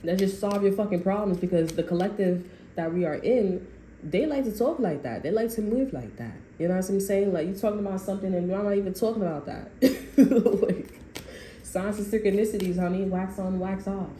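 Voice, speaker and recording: A woman giving a casual, animated tarot reading, full of profanity and asides to her viewers. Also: mid-range voice, fast. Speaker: tarot reader. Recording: echoey room, faint noise.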